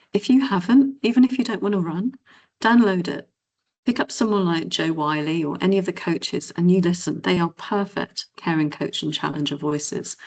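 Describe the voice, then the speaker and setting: A middle-aged woman giving a motivational keynote as a confidence coach, talking casually and acting out cheery inner voices. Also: creaky. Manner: animated, acts out inner voices in high cheery tones. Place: event hall or conference room.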